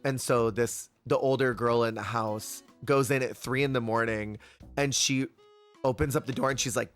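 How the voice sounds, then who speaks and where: A man's voice: medium pitch, normal speed. Guy streamer rambling about reality tv, acts out the quotes, chill game music faint underneath. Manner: animated storyteller who acts out quotes. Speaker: Twitch streamer. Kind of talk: casual stream chat while gaming.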